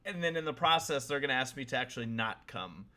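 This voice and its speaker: A man's voice: mid-range voice, lively intonation, fast, pushed and bright. A man in his thirties hosting a podcast, chatting casually with lots of fillers and restarts. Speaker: podcast host.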